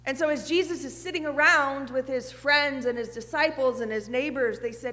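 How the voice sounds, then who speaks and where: A woman pastor delivers a sermon in a high, clear voice. Her words ring out with a long reverb through the church sanctuary. She is earnest, poses rhetorical questions and sometimes softens to a near hush. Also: normal speed, hardly any pauses. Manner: earnest, with rhetorical questions and soft, hushed passages.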